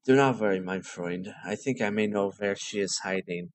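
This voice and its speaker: A man voicing a calm, caring middle-aged German doctor, putting on a German accent and speaking slowly and low. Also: no room sound, lightly acted. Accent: put-on German.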